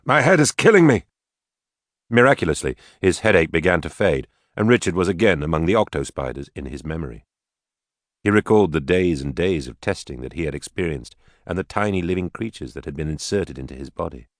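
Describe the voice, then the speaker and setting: Male audiobook narrator, very low voice, measured delivery, dry studio sound. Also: animated, dry recording.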